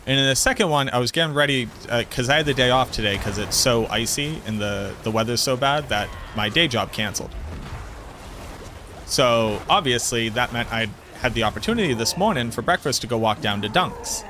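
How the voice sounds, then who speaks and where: A man's voice: medium pitch, animated, brisk, noisy background. A man streaming a game, chatting casually in a rambling, talkative way and correcting himself mid-sentence. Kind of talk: casual chat while gaming.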